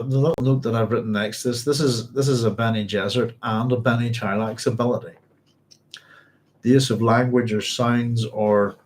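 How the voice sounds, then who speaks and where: A man's voice: medium pitch, darkish tone, slight background noise. Man, book club host, reads passages aloud, mid-range voice, thinks aloud with restarts. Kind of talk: reading aloud and discussing a novel.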